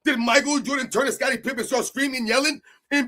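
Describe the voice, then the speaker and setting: A man's voice: very high-pitched, steady tone, fast, sharp tone. A man hosting a heated sports rant, emphatic and argumentative, hammering his points by repeating them. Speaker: sports commentary host.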